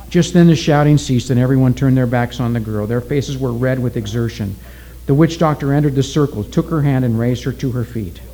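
A man narrating a story aloud in a steady, deliberate reading style. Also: medium pitch, rough recording.

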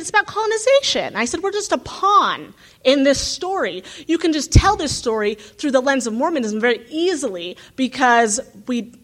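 A woman's voice: fairly high pitch, fairly bright tone. A woman, a graduate student from the United States, talking earnestly and thinking aloud with frequent asides. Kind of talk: reflective talk.

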